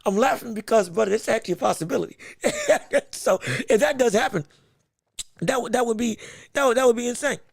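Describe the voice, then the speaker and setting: A man hosting a live boxing podcast stream, talking excitedly, laughing, restarting his sentences and calling out greetings to viewers in chat. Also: extremely high pitch, quick pace, vocal fry, no echo, clean studio sound. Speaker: podcast host.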